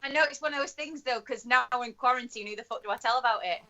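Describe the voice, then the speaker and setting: A woman's voice: on the high side, racing, bright, forceful tone. A woman, an actor and singer, chatting casually as a guest, laughing and swearing freely over a dull online call. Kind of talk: casual chat. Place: at home in quarantine.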